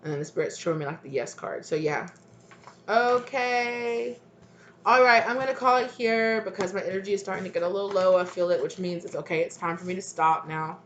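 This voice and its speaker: A woman's voice: medium pitch, a little fast, a bit bright, a little hiss or hum. A woman giving a casual tarot reading to her viewers, rambling with many fillers. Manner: rambling, filler-heavy, with frequent "like". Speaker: tarot reader. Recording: dull lo-fi recording.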